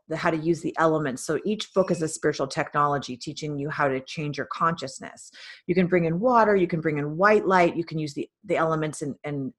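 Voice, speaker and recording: Woman guiding a healing session. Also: low-pitched. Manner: directive, coaching, guiding visualization. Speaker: host and spiritual healer.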